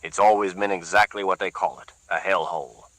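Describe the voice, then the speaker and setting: Stern, slow old man of eighty-six read by a male narrator, bright and dry. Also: deep voice, fairly even intonation, no echo, low-quality recording. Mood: grave. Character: 86-year-old man, stern, wise and defiant.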